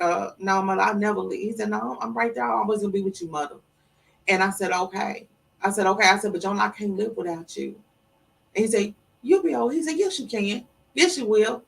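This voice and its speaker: A woman's voice: medium pitch, gravelly, distant mic, low-quality recording. Emotional middle-aged woman, slightly off-mic. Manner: emotional, animated retelling with acted-out quotes. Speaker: interview guest. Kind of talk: emotional storytelling interview. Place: studio.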